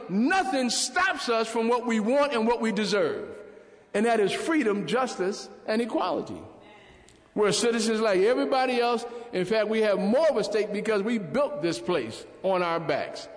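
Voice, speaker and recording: A man preaching a sermon in a church, animated and calling out to the congregation. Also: very high voice. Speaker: pastor. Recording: echoey church hall.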